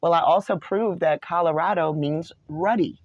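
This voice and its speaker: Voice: mid-range voice, moderate pace, no room sound, lo-fi sound. A host in their forties from New York, talking alone through a scripture study in a rambling, digressive way and correcting themselves as they go. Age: 40s. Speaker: online show host. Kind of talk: solo scripture study talk.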